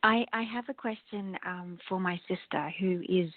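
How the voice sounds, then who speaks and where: A woman's voice: on the low side, normal speed, dry recording. A woman from the UK with a British accent, calling in politely and earnestly with a hesitant question. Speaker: caller. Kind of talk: asking a question on a call-in show. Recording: dry phone-like line.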